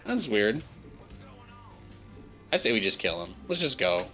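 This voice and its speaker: A man with an American accent giving excitable, joking commentary while he plays and streams a game. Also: fairly low pitch, unhurried, faint music behind. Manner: excitable, joking, talks to himself and chat. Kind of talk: casual gameplay commentary.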